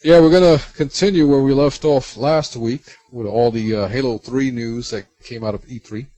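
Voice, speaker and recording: A man co-hosts a casual podcast, reading listener mail aloud. He rambles a little, with frequent pauses and filler words, in a voice of ordinary middle pitch. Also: mellow, no room sound, low-quality recording. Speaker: podcast co-host.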